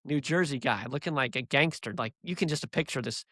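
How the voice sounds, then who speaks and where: A man guesting on a business podcast, telling stories in an animated, energetic way on a close mic. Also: mid-range voice, a little fast, dry recording. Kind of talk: casual podcast conversation and storytelling.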